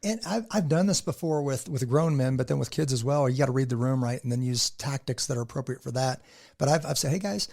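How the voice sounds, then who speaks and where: A man's voice: medium pitch, quick pace, vocal fry, darkish tone. A man as a podcast guest, talking in a casual, earnest way and acting out what people said in his stories. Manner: earnest, storytelling, acts out quotes. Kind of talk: casual conversation.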